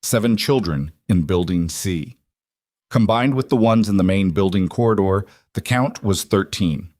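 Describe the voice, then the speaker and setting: A man reading a scripted dramatic story in a measured, somber way. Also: deep voice, a little mellow, dry recording, studio quality. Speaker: narrator.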